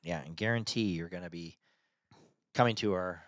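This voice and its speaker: A man's voice: low voice, normal speed, fairly bright tone, slight background noise. Nasal-voiced man, rambling podcast banter. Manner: rambling, jokey, trails off mid-sentence. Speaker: podcast co-host. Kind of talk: casual chat.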